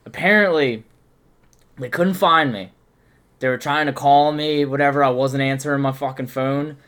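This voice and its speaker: A man's voice: medium pitch, normal speed. A young man telling a rowdy story in a casual chat, swearing often and acting out his friends' lines. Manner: swears constantly, animated when quoting friends.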